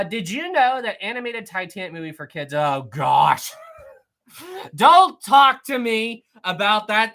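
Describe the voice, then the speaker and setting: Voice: mid-range voice, fairly bright tone. A live-stream host chatting casually and answering the chat, often repeating phrases.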